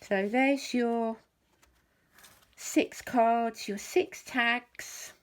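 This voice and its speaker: A woman's voice: on the high side, fairly even intonation, extremely slow. A woman hosting a papercraft channel, narrating a walkthrough of her handmade cards and album in a friendly show-and-tell way. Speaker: craft channel host.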